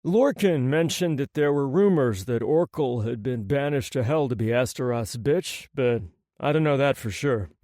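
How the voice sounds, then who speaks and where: A man's voice: medium pitch, animated, moderate pace, few pauses, mellow, dry recording, clean studio sound, close to an everyday voice. A male audiobook narrator voicing a confident demon hunter, firm and matter-of-fact. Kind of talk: audiobook character voice.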